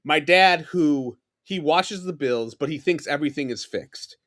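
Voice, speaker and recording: A man in his forties from New York City, a podcast guest telling rambling, animated stories in casual chat with lots of fillers and restarts. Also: fairly high pitch, measured pace.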